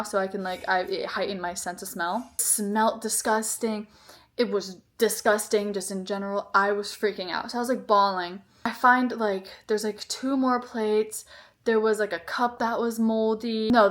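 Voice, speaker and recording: A woman's voice: medium pitch, a bit bright. A young woman vlogger telling a storytime, rambling and exasperated, with many "like"s. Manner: rambling, heavy use of "like", exasperated. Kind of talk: storytime vlog.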